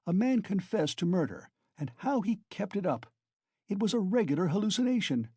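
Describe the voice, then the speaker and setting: A man's voice: high-pitched, very animated, moderate pace, dark tone, husky, dry recording, pitched above the performer's own voice, exaggerated voice. A man voicing a sly, genial male investigator who talks in a fussy, insinuating way. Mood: musing. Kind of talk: audiobook character reading.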